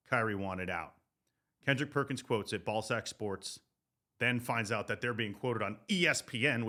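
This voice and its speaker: Animated, profane male podcast host. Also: medium pitch. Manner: loud, profane, animated riffing. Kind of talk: comedic sports rant.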